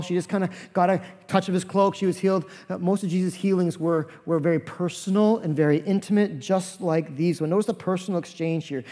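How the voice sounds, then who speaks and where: A man preaching a sermon as pastor, animated, acting out the voices of the figures in his story. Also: sits high, in a large hall.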